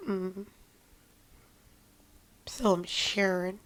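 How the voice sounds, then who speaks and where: A podcast host, still tearful after crying, works through an emotional personal monologue in a raw, rambling, self-mocking way. Her voice is fairly low, steady, slow, creaky, and a bit breathy.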